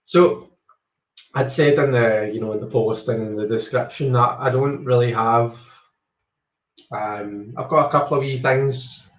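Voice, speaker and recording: Speaking at a measured pace in a mid-range voice, a Scottish tarot reader runs a chatty live stream, welcoming viewers individually and drifting off topic with frequent ums. The recording sounds echoey and roomy, a bit dull and lo-fi.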